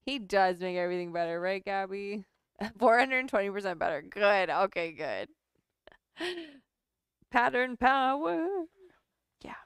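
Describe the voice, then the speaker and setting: A woman's voice: mid-range voice, lively intonation, unhurried, clear, resonant tone, dry recording, clean studio sound. A woman chatting casually at home as she works on a sewing pattern and coos baby talk to her cat. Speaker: sewing vlogger. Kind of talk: casual chat while sewing.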